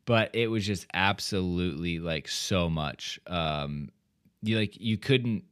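A man's voice: deep voice, slow, a bit bright, clear, resonant tone. A man co-hosting a casual podcast recap, rambling through his points with many fillers and trailing sentences. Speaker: podcast co-host.

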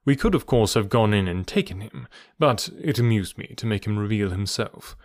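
A man voicing a composed, clever Victorian detective with a measured, dryly amused delivery in an audiobook. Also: lowish voice, expressive, dry recording, clean studio sound.

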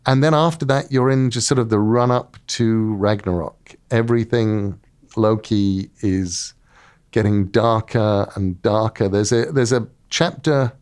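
A middle-aged man, an author being interviewed, telling stories in a lively way and acting out quotes. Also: on the low side, clear, resonant tone. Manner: lively storyteller, acts out quotes. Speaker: author guest. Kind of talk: casual interview talk.

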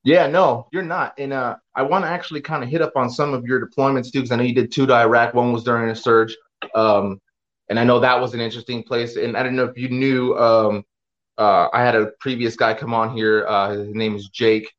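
A man hosting a casual interview, talking in a relaxed way with many fillers. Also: mid-range voice, fairly quick, muffled recording. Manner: relaxed, leans on "like" and "um". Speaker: podcast host.

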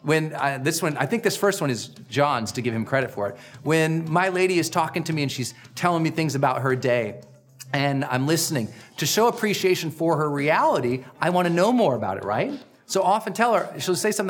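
A middle-aged man hosting a personal growth podcast, giving an energetic, emphatic motivational talk. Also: normal speed, soft background music. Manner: energetic, emphatic, acts out quoted lines with big pitch swings.

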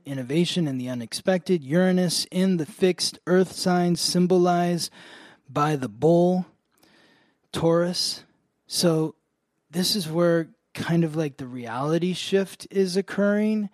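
A man with a slightly high voice chats casually, rambling through a story with constant fillers and easy laughs. The recording is dry and close, with no room sound. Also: a little mellow, dry recording. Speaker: astrology podcast host.

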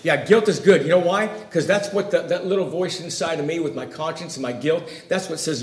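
Male preacher, sermon, high voice, emphatic, loud then hushed, echoey room. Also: fairly quick, few pauses. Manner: emphatic, rising and falling between loud and quiet.

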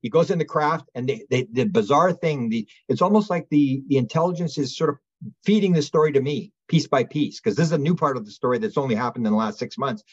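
A man being interviewed as a guest researcher, telling stories in a rambling, animated way with many restarts. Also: medium pitch, fast talker, breathy edge, dull audio. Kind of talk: casual storytelling interview.

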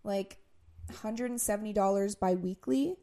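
A woman's voice: medium pitch, normal speed, mellow. A woman in her twenties co-hosting a podcast, telling stories in casual chat and full of "like". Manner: chatty storytelling, heavy use of "like"; acts out quotes in raised voices. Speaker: podcast co-host.

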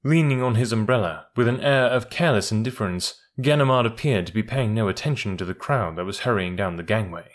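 Male audiobook narrator, measured. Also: lowish voice. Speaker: audiobook reader. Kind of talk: scripted first-person narration.

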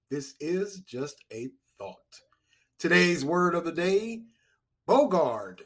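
A man's voice: a little high, fairly bright tone. Chatty man hosting a podcast. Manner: rambling, repetitive, chuckling asides. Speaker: podcast host. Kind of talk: casual solo podcast monologue.

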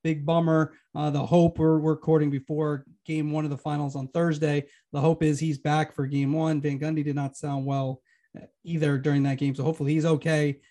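A man co-hosting a sports media podcast in casual chat, quick and teasing as he argues his points. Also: fairly high pitch, flat delivery, warm tone.

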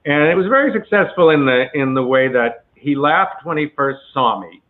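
A male actor being interviewed, telling a long story in a relaxed, chatty way with many asides. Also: on the high side, normal speed. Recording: tinny phone-like line.

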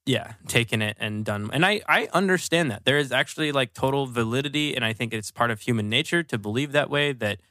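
Bright-voiced man musing on a podcast. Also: mid-range voice, fast, few pauses, no room sound, studio quality. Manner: rambling, filler-heavy musing. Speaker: podcast co-host. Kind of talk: casual chat.

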